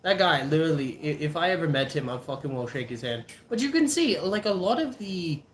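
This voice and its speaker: A man's voice: a little high, very animated, a little fast, slight background noise. A young man in his twenties with a South African accent, chatting casually to camera in a rambling, jokey way with lots of restarts. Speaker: vlogger. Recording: echoey room.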